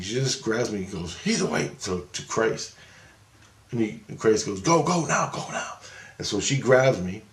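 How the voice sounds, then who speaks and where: A man telling a rambling personal story, swearing freely and getting excited. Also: on the low side, echoey room. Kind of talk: casual anecdote.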